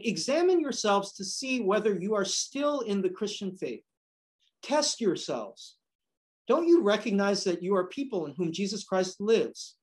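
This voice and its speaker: Man, priest, Bible class lecture, lively pitch, casual asides, explaining step by step. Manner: explanatory, many fillers and "right?" asides. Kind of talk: lecture with scripture reading.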